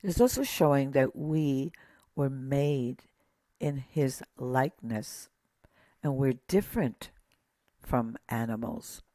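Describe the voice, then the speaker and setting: A teacher giving a slow, methodical lesson, pointing things out one by one with patient pauses. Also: mid-range voice, warm tone, dry recording. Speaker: Hebrew teacher.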